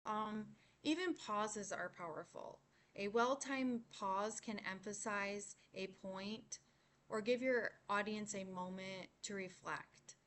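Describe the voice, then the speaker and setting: A young woman giving a class presentation, explaining points in a measured way and slowing on key words. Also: mid-range voice, fairly bright tone. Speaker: student presenter.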